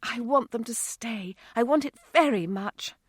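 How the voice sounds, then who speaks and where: A woman voicing a warm, caring mother who speaks earnestly. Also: on the high side, unhurried, slightly rough, no room sound, clean studio sound, pitched above the performer's own voice.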